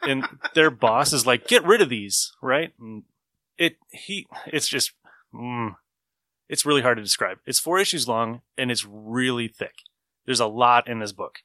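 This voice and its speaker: Chatty man, crisp bright voice, dry sound. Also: mid-range voice, a little slow, no echo. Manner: loose, rambling storytelling with frequent laughs and swearing. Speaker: podcast host reviewing comics. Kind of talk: casual chat.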